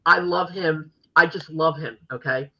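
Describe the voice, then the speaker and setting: Bright-voiced older woman, gushing host. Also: sits low, a little slow, breathy edge, lo-fi sound. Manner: animated, gushing fan storytelling. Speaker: podcast host. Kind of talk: casual chat.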